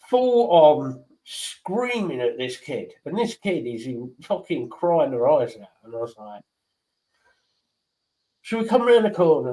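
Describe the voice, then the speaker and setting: Animated, blunt man. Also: high voice, rough recording. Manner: swearing, blunt, animated storyteller. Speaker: stream host. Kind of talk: casual chat, storytelling.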